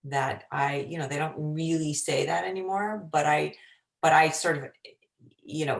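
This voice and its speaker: A woman's voice: extremely low pitch, creaky. An actress talking casually in an interview, thoughtful and searching for words as she explains.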